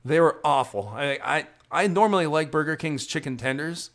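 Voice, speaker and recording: A man's voice: a little high, expressive, normal speed, fairly bright tone. Tired man rambling into his phone while driving. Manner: chatty, rambling, self-deprecating. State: tired, drowsy. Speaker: travel vlogger. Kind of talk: casual driving monologue. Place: inside a car at night, driving in rain.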